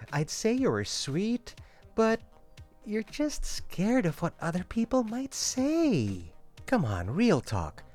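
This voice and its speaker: A man's voice: high-pitched, a little mellow, pitched above the performer's own voice, heavily acted. A man voicing a boastful, mocking young coronavirus in a comedy sketch, with a sarcastic, taunting drawl.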